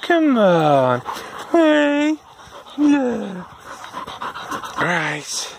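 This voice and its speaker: A woman's voice: a little high, very animated, extremely slow, vocal fry, very noisy. A woman walking dogs outdoors, cooing and chuckling at them in a sing-song baby talk for her video diary. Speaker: dog walker. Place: outdoors on a dog walk.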